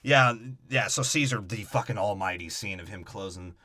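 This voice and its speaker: A man co-hosting a podcast, recapping a movie in a profane, joking chat and acting out characters in quick bits. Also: lowish voice, pushed and bright. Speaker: podcast co-host.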